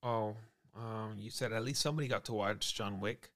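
A man's voice: fairly low pitch, normal speed, fairly bright tone. A man in casual banter with a friend, teasing him and acting out both sides of an argument over texts. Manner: teasing, acts out both sides of a text exchange.

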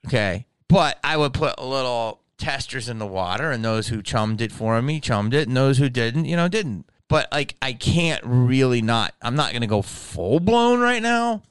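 A man talking straight to camera in a comedic monologue vlog. He rants in an animated, profane way. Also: medium pitch, normal speed, few pauses, clear, resonant tone, dry recording.

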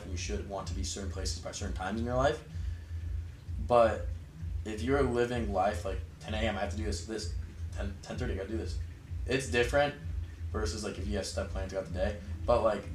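A man's voice: on the low side, echoey room, recorded from a distance, a little hiss or hum, low-quality recording. A young man chatting casually as an interview guest, rambling and filling his talk with "like". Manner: relaxed, rambling, heavy use of "like". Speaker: interview guest, fraternity member.

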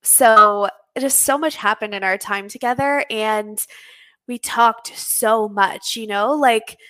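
Chatty woman guest from canada, giggles a lot, bit high voice. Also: slow, fairly bright tone, rough recording. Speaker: podcast guest, business mentor. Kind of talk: casual podcast chat.

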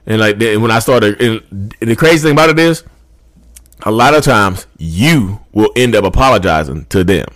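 A man's voice: on the low side, lively intonation, a little fast, no echo. A man hosting a casual vlog, talking informally to viewers and calling them y'all. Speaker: YouTube host.

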